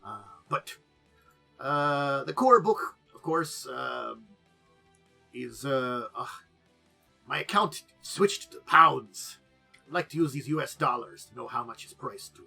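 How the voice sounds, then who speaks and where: Bright-voiced man hosting a casual chat. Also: mid-range voice, lively intonation, slow pace, vocal fry, long pauses, husky, faint music behind. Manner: rambling, with many fillers and trailing asides. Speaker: talk show host. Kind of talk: casual chat about tabletop games.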